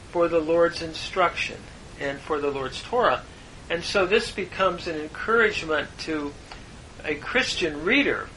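A man giving a devotional Bible lesson, explaining Hebrew words slowly and with measured emphasis. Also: on the high side, sharp tone, slight background noise, low-quality recording. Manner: slow, measured teaching with emphatic stresses. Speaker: Bible teacher.

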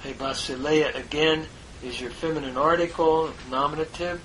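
A man teaching a verse-by-verse Greek lesson, parsing each word in a deliberate, halting way with many fillers. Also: fairly high pitch, steady tone, fairly bright tone, a little hiss or hum, rough recording. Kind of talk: slow parsing of a biblical text.

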